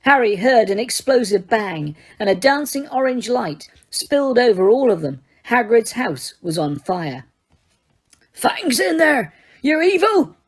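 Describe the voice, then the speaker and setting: A woman narrates a fantasy novel as an audiobook. Her delivery is steady and dramatic, at a middle pitch for a woman. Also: measured pace, few pauses. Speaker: audiobook reader.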